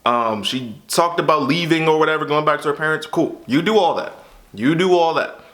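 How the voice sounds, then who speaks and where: A man's voice: on the high side, animated, brisk, fairly bright tone. A young man in a candid, frustrated monologue to camera, venting about a hard stretch of his life. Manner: frustrated, exasperated storytelling with repeated "what the hell". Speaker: YouTube creator.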